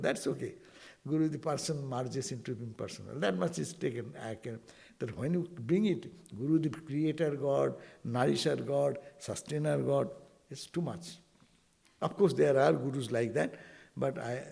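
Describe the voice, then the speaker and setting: Gravelly-voiced man. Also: medium pitch. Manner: animated, rhetorical asides, quotes Sanskrit verses. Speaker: monk giving a spiritual talk. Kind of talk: informal spiritual teaching to devotees.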